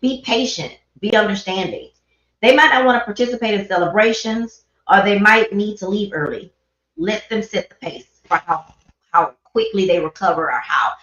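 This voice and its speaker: A woman's voice: medium pitch, normal speed, a bit bright. A woman hosting a livestream, talking about grief in an earnest, rambling, conversational way. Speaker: livestream host. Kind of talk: casual personal talk on grief. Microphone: livestream microphone. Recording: roomy, dull livestream audio.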